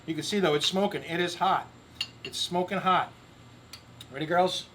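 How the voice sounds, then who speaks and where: A man's voice: high-pitched, fairly even intonation, moderate pace, a bit bright, slight background noise. A middle-aged man hosting a grill cooking video outdoors, chatting upbeat and joking to camera. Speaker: grill cooking show host. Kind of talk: casual cooking demo to camera.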